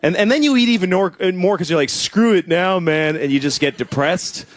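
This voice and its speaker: Animated, profane stand-up comedian. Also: male voice, sits high, fast. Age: 30s. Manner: animated, profane, self-deprecating. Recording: echoey room with loud background noise.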